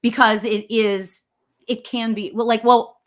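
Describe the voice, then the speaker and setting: A middle-aged woman, a spiritual medium, hosting a casual chat, animated and quick to laugh. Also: a little high. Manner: animated, laughs often, squeals when excited. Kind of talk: casual chat on a live show.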